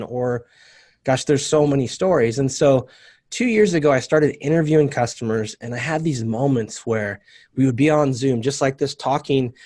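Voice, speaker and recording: A man speaks as a guest on a video-call interview, his voice at an ordinary middle pitch. He tells his story in an earnest, open way. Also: darkish tone. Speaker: guest, company cofounder. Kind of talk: casual interview chat.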